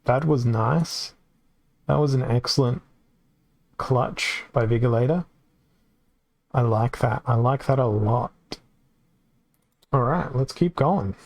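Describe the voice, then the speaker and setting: A man's voice: mid-range voice, takes it slowly, gravelly, pauses often. A man with an Australian accent giving casual live-stream commentary on a card game, chatty and reacting aloud as it plays out.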